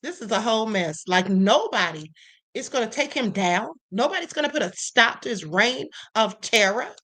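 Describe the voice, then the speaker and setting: A woman hosts a live stream with a bright, clear voice that sits a bit high. She talks emphatically in casual political chat and often calls her listeners honey and beloved. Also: expressive, moderate pace. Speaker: live-stream show host. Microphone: live-stream setup.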